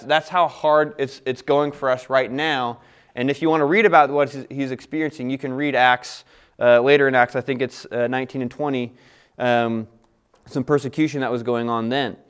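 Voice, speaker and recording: Young male Bible teacher, slightly high and very clear voice, casual explanatory delivery. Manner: conversational, explains scripture with frequent "all right" and restarts.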